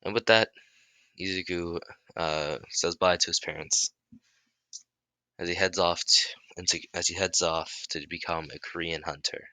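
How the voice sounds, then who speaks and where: Guy telling a made-up fan story, low deep voice, lots of stops and restarts, dry close sound. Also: steady tone, pushed and bright, no echo. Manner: halting, many restarts, making it up as he goes. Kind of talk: improvised fan-fiction narration.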